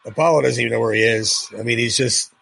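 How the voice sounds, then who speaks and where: A middle-aged man co-hosting a podcast, chatting excitedly about a film and telling stories from memory. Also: medium pitch, fast talker, gravelly, slightly rough. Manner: excited, storytelling, animated recollection. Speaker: podcast co-host. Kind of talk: casual film commentary chat.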